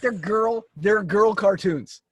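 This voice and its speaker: A man's voice: high-pitched, slow, breathy edge, no room sound, studio quality. A man co-hosting a comedy podcast in casual chat, defensive and often trailing off into a mumble. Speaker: podcast co-host.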